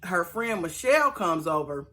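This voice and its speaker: A woman's voice: lowish voice, very animated, moderate pace, sharp tone. A woman recapping a reality show in a chatty, sassy way, acting out the cast's lines. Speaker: reality TV reviewer. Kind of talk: casual recap commentary.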